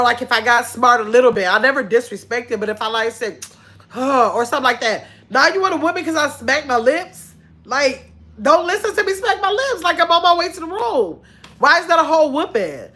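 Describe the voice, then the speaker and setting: In a high-leaning, fairly bright voice, a middle-aged woman hosts her channel's casual livestream. She tells stories, reads viewer comments aloud, and laughs a lot along the way.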